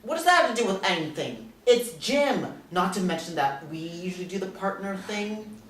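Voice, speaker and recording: A man's voice: high voice, animated, moderate pace, a bit bright, slight background noise. A man reading a fussy, rule-following schoolboy sidekick who gets exasperated, at a table read of a TV pilot. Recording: roomy, distant mic.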